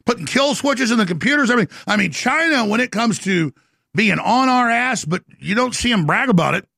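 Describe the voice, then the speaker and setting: A middle-aged man with a very gravelly, strained voice that sits high. He rants intensely on his talk show, boastful and combative. The sound is bone-dry and close. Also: animated, a little fast, sharp tone, no room sound. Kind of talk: ranting monologue.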